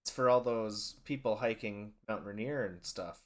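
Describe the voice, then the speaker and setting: Man co-host, dry joking hockey banter, relaxed live chat. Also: fairly low pitch, normal speed. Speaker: podcast co-host. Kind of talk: casual live-stream chat.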